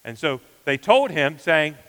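A man preaching a sermon as pastor, earnest, often dropping to a hushed emphasis. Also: on the high side, big pitch swings, a little slow, clean tone, long reverb tail, rough recording.

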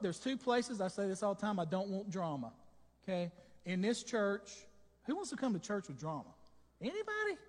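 A man preaching a sermon in a church, animated, joking and asking the congregation questions. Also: high-pitched, long reverb tail. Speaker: pastor.

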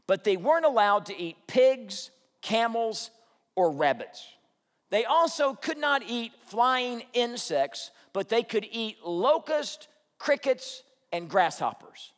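A male pastor with a slightly high voice preaches with animated energy, asking the congregation questions as he goes. His voice rings out with a long reverb, as if in a large hall. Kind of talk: sermon.

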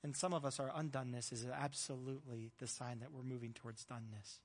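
A man preaching a sermon as pastor in a relaxed, conversational way, mixing in jokes and acted-out quotes. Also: mid-range voice, quick pace, big-room sound. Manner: conversational, joking, acts out quoted voices.

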